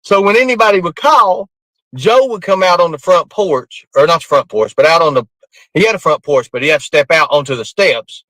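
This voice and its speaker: Man, high voice, dry close sound; chatty, rambling storyteller who laughs through his tale and swears casually. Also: a little fast, a bit bright, dry recording, low-quality recording.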